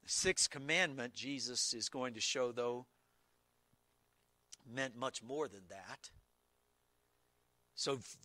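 A man preaching a sermon, explaining scripture in an emphatic, deliberate way with occasional restarts. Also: medium pitch, sharp tone, no echo. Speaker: pastor.

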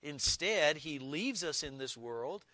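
A man preaching a sermon as pastor, slow and deliberate, stressing key words with emphatic repetition. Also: fairly high pitch, expressive, sharp tone, dry recording.

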